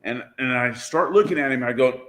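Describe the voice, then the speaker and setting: A man's voice: mid-range voice, fairly quick, a bit bright. A man, a drag racer and guest, telling a story about his car in a loose, self-deprecating way, laughing and swearing as he goes. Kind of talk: casual storytelling.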